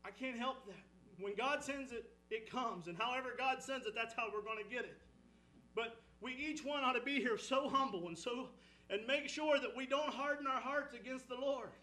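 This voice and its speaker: A man preaching an impassioned sermon, swinging between loud exhortation and hushed storytelling. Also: normal speed, poor audio. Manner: impassioned, rising and falling, drops low for storytelling. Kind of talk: fervent sermon.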